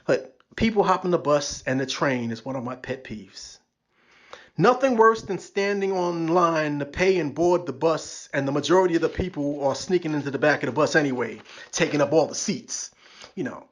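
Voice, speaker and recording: This podcast host from New York delivers a sarcastic, stand-up style rant in a high, fairly bright voice. His manner is wry, and he performs the voices of the people he's making fun of.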